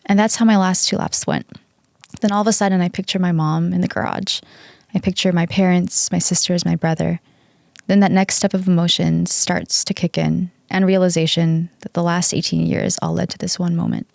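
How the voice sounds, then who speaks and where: Female podcast host, earnest fan recap, lower pitch, dry and close. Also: flat delivery, moderate pace, gravelly, darkish tone, no room sound. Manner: earnest, gushing fan retelling. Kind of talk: casual podcast chat and recap.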